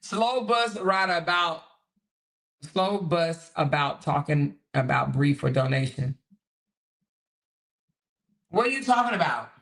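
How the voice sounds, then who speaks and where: A woman's voice: sits low, lively intonation, slow, vocal fry, pauses often, a bit bright. A woman hosting a casual livestream, reading viewer comments aloud, swearing freely and laughing often.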